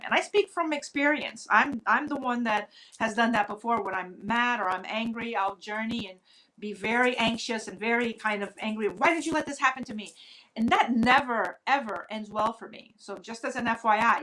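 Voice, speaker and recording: Woman, mid-range pitch, earnest conversational teacher of witchcraft. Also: a bit bright, low-quality recording. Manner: earnest, conversational, many "you know" asides. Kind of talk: casual spoken teaching.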